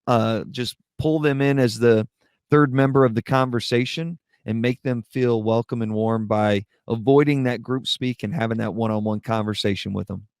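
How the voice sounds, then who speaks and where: Measured man with a smooth voice. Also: mid-range voice, no room sound, clean studio sound. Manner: steady, measured, gives practical examples. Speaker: podcast co-host. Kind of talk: casual advice chat.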